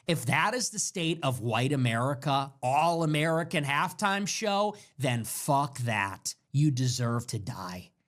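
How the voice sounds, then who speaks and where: A young man rants through a livestream monologue in a mocking, sarcastic tone, his pitch swinging widely as he slips into whiny impressions of others. His delivery is lively and theatrical. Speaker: livestream political commentator.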